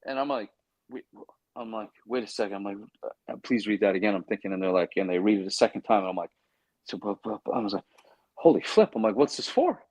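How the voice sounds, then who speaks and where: Speaking fast in a fairly low voice, an actor guest on an interview show tells an animated story and plays out his own inner thoughts. He trips over frequent restarts and stammers in his excitement, captured in a rough recording with no room sound.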